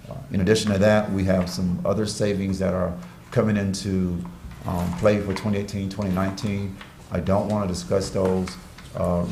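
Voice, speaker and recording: A man, the city manager, presenting a budget at a city meeting in a measured, hesitant way with many fillers. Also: low voice, darkish tone. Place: city commission chamber. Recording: echoey council chamber, faint noise.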